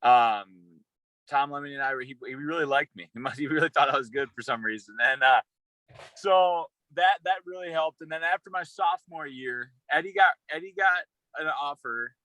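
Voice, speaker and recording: A young man, a former college football player, telling a rambling, excited story in a casual interview, with many restarts. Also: on the high side, normal speed, no room sound, low-quality recording.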